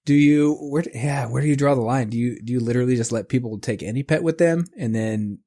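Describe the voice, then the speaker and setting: A man's voice: mid-range voice, quick pace, dark tone. A man co-hosting a podcast in casual chat, rambling with many restarts. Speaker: podcast co-host.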